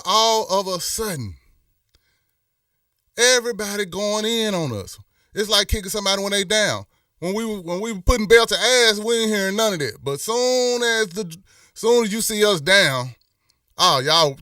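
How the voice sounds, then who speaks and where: A man's voice: sits high, pushed and bright, no room sound, clean studio sound, distant mic. A middle-aged man hosts a live stream, talking in a rambling, impassioned way with many restarts. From Memphis. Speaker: host. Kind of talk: casual live-stream talk.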